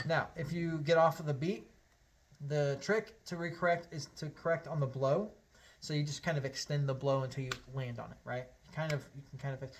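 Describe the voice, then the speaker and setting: A man teaching a harmonica lesson, explaining step by step in a friendly way and counting beats aloud. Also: mid-range voice. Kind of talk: online music lesson.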